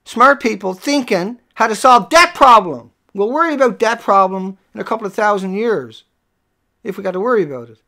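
A livestream host delivering an angry, profane rant at viewers, dropping to low muttering and then rising to yelling. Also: animated, normal speed.

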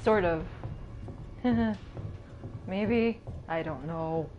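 Female streamer, casual gameplay commentary, playful and self-mocking, slow delivery. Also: fairly low pitch, a little mellow, dull audio, slight background noise. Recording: faint game music behind.

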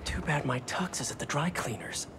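An actor voicing a young male hero in a video game, quick, wry and determined. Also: on the high side, over loud music, lightly acted.

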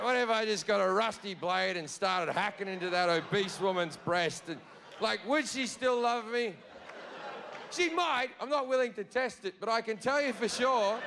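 A brash Australian man doing stand-up, swearing freely in a loose, conversational way. His voice sits high for a man. Faint stage ambience runs underneath. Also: fairly bright tone, a little hiss or hum. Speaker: stand-up comedian. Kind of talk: stand-up routine.

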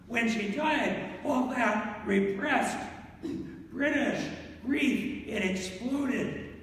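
High-voiced man preaching in an echoey hall. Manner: animated preaching, reads scripture slowly in old wording. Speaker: pastor. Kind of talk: sermon. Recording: echoey hall from far off, faint noise.

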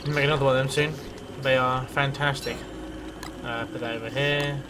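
A man at a middle pitch rambles through casual let's play commentary. He swears freely and talks to himself as he goes. A steady hiss of noise sits under the recording. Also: moderate pace.

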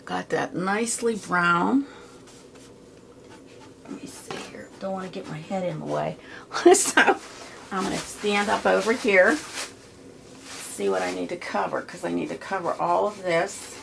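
A woman's voice: lowish voice, normal speed, vocal fry, noisy background. A middle-aged woman giving a casual, chatty painting tutorial from her home studio, with homey asides as she works. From Pittsburgh area. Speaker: art teacher.

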